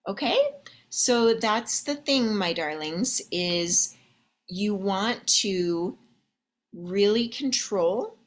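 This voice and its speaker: A woman's voice: mid-range voice, lively intonation, extremely slow. A woman love coach talking to her viewers in a chatty way, with many "okay?" and "like" asides and calling them ladies, honey and babe.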